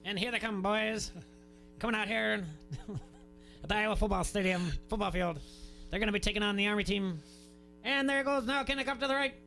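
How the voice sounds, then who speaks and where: A man imitating an old-time radio football announcer calling a touchdown run, his voice climbing high and excited. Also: moderate pace, vocal fry, long pauses, soft background music, heavily acted. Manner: excited rising play-by-play call.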